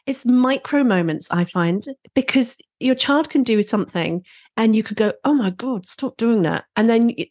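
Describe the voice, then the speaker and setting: A woman who works as a parenting instructor, talking as a guest in a podcast interview, playful and quick to laugh. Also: mid-range voice, no echo, clean studio sound. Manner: playful, laughs easily, animated. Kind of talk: conversational interview.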